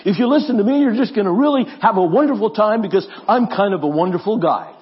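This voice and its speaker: A man's voice: sits high, quick pace, pitched above the performer's own voice, natural voice. Guy doing a bragging politician, repeats himself, raised voice, lo-fi. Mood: boastful. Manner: bragging, repetitive. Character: boastful self-promoting male politician.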